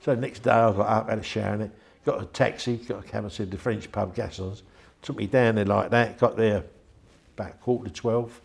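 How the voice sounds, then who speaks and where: A man's voice: lowish voice, steady tone, fairly quick, vocal fry. An older man, telling a rambling, chatty story in an interview and acting out the voices of the people in it. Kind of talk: anecdotal storytelling.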